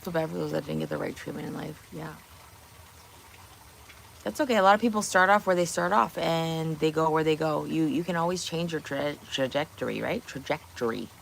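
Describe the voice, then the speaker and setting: A woman's voice: low voice, fairly quick, creaky, a little hiss or hum. A woman hosting a casual livestream from her kitchen, blunt and opinionated, swearing and firing off rhetorical questions. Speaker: livestream host. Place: home kitchen.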